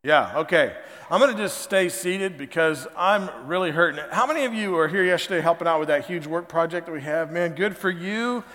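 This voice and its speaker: Pastor, fifties, American accent; pitched high, casual folksy sermon delivery, hall reverb. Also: male voice, expressive, fairly quick, fairly bright tone. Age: 50s. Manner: conversational, chatty and folksy. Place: church sanctuary.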